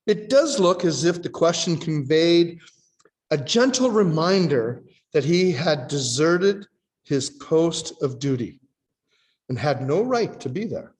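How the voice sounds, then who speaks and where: A man preaches in a fairly high voice that swoops up and down with a lot of expression. He reads scripture and acts out the people in it in a teaching tone. Long reverb from a worship hall carries each phrase. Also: expressive, slow pace, darkish tone. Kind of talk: sermon.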